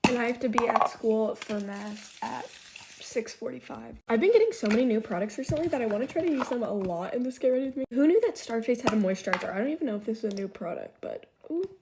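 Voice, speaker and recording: A woman's voice: on the high side, very animated, fast talker, background noise. Young woman, beauty vlogger, casual get-ready-with-me chat, bubbly and filler-heavy, close phone mic. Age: young adult.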